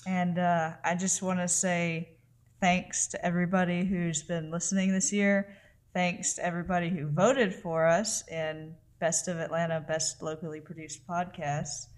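Low-voiced laid-back woman co-host. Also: flat delivery, normal speed. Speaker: podcast co-host. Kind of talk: casual chat.

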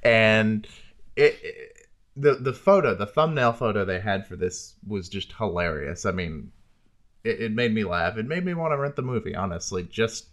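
Guy with a lowish voice, podcast co-host, just talking frank and loose. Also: lively intonation, normal speed, a bit bright. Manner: frank, candid and talkative. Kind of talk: casual chat.

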